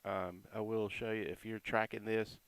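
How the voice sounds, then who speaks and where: A man giving casual, chatty commentary on crypto price charts, reading out support and resistance levels with quick asides. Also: on the low side, little pitch movement, clean tone, dry recording.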